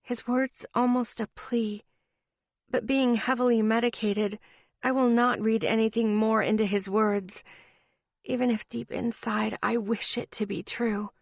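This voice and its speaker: A woman's voice: a little high, fairly even intonation, a little slow, vocal fry, no room sound, clean studio sound. A woman narrating a romance audiobook in the first person, intimate and emotional.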